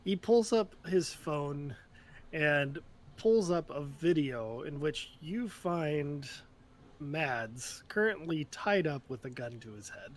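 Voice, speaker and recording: A man narrating a tabletop role-play as game master, describing scenes in a relaxed, unhurried way. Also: a little high.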